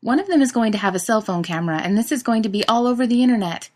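A woman's voice: moderate pace, close to an everyday voice. A woman reading a story and voicing a theatrical young man who complains dramatically, in a raised voice. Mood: anxious. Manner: exaggerated complaining, higher and louder.

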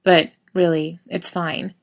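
A woman's voice: lowish voice, little pitch movement, slow pace, gravelly. A woman doing a flustered, shaken young man. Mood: awkward.

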